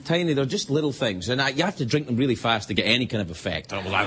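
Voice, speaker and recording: A man's voice: fairly high pitch, big pitch swings, fast talker, few pauses. A man hosting a late-night show, telling a rambling, self-mocking comedy monologue with many restarts. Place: TV studio stage before a live audience. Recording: loud audience laughter and studio noise. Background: live studio audience laughing.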